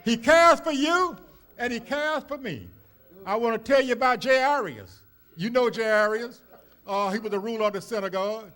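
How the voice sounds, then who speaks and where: A man's voice: extremely high pitch, normal speed, a bit bright. A man preaching a sermon as a minister, telling stories in a folksy way with many fillers and rising emphasis. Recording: church service recording.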